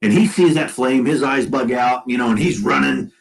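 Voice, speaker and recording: A man guest on a casual podcast, telling a lively flight story and acting out the crew's dialogue. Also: mid-range voice, moderate pace, vocal fry, rough recording. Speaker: guest, former Marine aircrewman.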